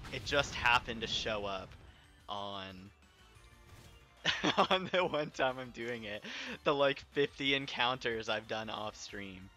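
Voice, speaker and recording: Male streamer, overexcited, unhurried but exclaiming, crisp bright tone. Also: on the low side. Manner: excitable, exclaiming and laughing, then apologetic rambling. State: overexcited, shaking. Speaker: game streamer. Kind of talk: live gaming stream commentary. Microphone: desk microphone, audio clipping.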